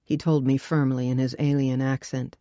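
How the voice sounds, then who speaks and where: Low-voiced woman narrating an audiobook. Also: level tone, moderate pace, dark tone, no echo, clean studio sound. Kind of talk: first-person audiobook narration.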